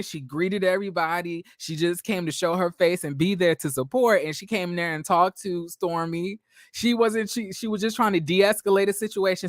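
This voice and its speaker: Blunt, animated man recapping TV. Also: high voice, no echo, studio quality. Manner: animated, restarts and laughs, blunt slang. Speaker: recap vlogger. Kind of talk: casual reality-TV recap commentary.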